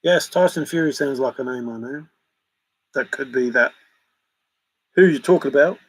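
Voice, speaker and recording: A man's voice: mid-range voice, normal speed, poor audio. A middle-aged man hosting a livestream, joking and laughing as he banters with viewers in the chat. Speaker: livestream host answering chat. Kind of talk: casual chat.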